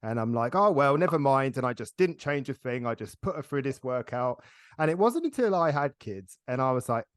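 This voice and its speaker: A middle-aged man hosting a casual interview podcast, chatty and quick to laugh as he tells stories. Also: medium pitch, lively intonation, no room sound, studio quality. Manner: chatty, laughs often, storytelling. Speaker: podcast host.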